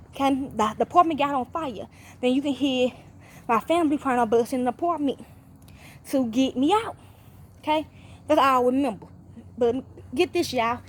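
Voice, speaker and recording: A woman with a high voice tells a long, winding story to her subscribers. She swears freely, circles back over her own words, and keeps checking in with her listeners. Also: slight background noise. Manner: profane, repetitive, often checks in with 'okay?'. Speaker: channel host. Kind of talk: rambling casual monologue to viewers.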